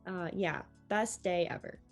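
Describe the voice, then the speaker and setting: A young woman, a newly accepted medical student, tells her story in an interview in an animated way, acting out the dialogue she quotes. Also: fairly low pitch, unhurried, faint music behind.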